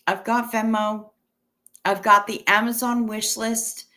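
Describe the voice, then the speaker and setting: Reading chat on her webcam livestream, this woman in her fifties thanks viewers and answers questions in a chatty, profane way. Her voice sits on the high side, with a flat, slightly slow delivery and a sharp edge.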